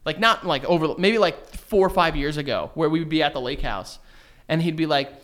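A man's voice: a little high, a little fast. A young man, co-hosting a podcast in casual comedic chat, telling crude stories with lots of laughter. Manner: crude, animated storytelling with laughs. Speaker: podcast co-host.

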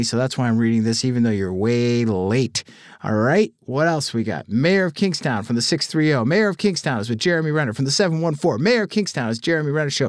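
A man's voice: mid-range voice, no echo. A man hosting a podcast, casually reading listener texts aloud with dry, swearing asides. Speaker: podcast host. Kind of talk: casual listener-mail segment.

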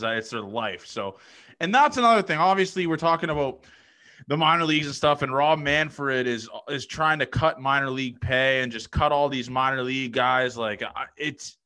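A man's voice: mid-range voice, normal speed, pushed and bright. A man hosting a casual podcast chat, laid-back and slangy, often saying "dude". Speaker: podcast host.

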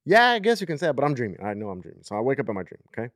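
A man's voice: mid-range voice, wildly swooping pitch, very fast, no echo, clean studio sound. A man in his thirties hosting a podcast, telling a long story in a casual, rambling way with lots of fillers. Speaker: podcast host.

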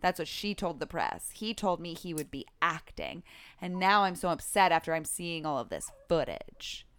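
A woman co-hosting a casual podcast chat, animated and quick to act out what others said. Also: lowish voice, clear, resonant tone, no room sound. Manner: animated, quotes others in mock voices. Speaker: podcast co-host.

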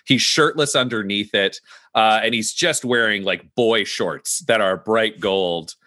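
A man narrating a tabletop role-playing game as game master, animated and descriptive, with frequent fillers. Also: lowish voice, measured pace, no echo, clean studio sound.

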